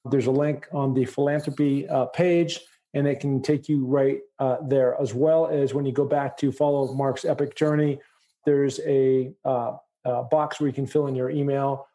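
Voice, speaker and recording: A man's voice: mid-range voice, steady tone, normal speed, mellow. A middle-aged man from the United States hosting a podcast interview, talking with enthusiasm and rambling with many fillers. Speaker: podcast host.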